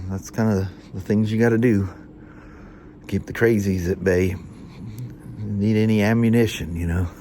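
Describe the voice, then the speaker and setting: A man with a fairly low, slightly mellow voice and a nasal, hay-fever quality chats casually as a motorcycle mechanic in a workshop vlog. He rambles, restarting sentences and chuckling a little, over a faint hiss or hum.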